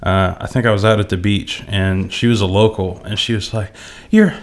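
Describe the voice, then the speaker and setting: A man's voice: on the low side, normal speed. A young man with a Kentucky accent, co-hosting a casual podcast, telling stories with lots of swearing. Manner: animated storyteller, swears a lot, says bro. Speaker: podcast co-host. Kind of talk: casual chat.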